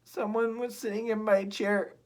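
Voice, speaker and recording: A man voicing a small, tearful young boy bear cub in a high, whiny voice while reading a storybook aloud. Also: level tone, normal speed, close to an everyday voice.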